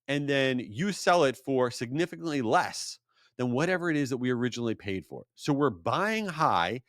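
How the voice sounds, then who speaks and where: Animated middle-aged male podcast host. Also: dry recording, clean studio sound. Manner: animated storytelling, rising to exasperated high pitch. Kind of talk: casual solo podcast monologue.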